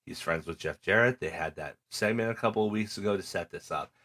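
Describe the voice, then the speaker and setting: A man's voice: deep voice, brisk. A middle-aged man co-hosting a podcast, recapping matches in casual chat and acting out the wrestlers' lines. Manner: animated storyteller, acts out quoted lines. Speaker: podcast co-host.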